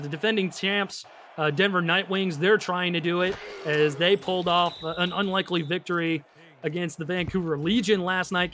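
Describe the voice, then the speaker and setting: A man calling live play-by-play for a simulated football game, excitable and rising sharply on big plays. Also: sits high. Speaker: play-by-play announcer. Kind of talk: live esports football commentary.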